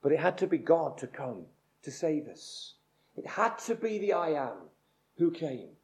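Delivering a sermon, a male preacher uses a fairly high voice with a darkish tone and is very animated. He speaks slowly and deliberately, hammering repeated phrases.

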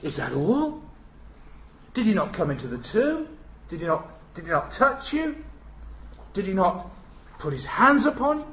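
Eager gossiping feast-goer, a preacher voicing him. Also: male voice, high voice, very animated, a little slow, long pauses, fairly bright tone, slight background noise, pitched above the performer's own voice, heavily acted. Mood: excited. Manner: eager questioning. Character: curious eager crowd members at a feast. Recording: roomy church hall.

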